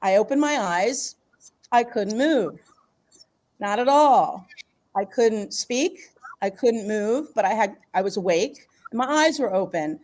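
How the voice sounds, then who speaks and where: A middle-aged woman, a guest author and healer, tells a personal story in a casual interview, rambling, restarting phrases and laughing often. Her mid-range voice is expressive, unhurried and darkish in tone.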